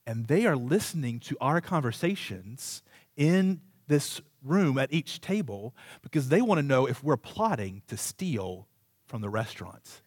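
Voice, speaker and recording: A man's voice: medium pitch, sing-song, unhurried, a little mellow, no echo. A man preaching a sermon as pastor, telling a humorous, self-deprecating story in a conversational, rambling way with many asides. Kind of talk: sermon with a personal anecdote.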